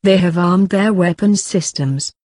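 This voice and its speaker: A ship's crew member calls in over the comms in a formal, alarmed report, as a man puts on the voice. The voice sits high and pushes hard. It sounds close and dry, with no room around it. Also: unhurried, darkish tone, dry recording. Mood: urgent. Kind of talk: tabletop role-play voicing.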